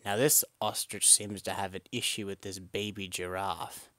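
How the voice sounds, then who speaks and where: A man giving a joking, deadpan voice-over about silly animals. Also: deep voice, normal speed, no room sound. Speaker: video narrator. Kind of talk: comedic voice-over commentary.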